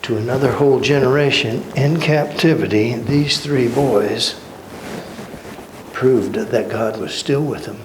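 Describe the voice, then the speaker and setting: A man teaching a church Bible study in a folksy, animated storytelling way, with playful asides. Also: mid-range voice, unhurried. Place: church hall. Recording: echoey hall with background noise.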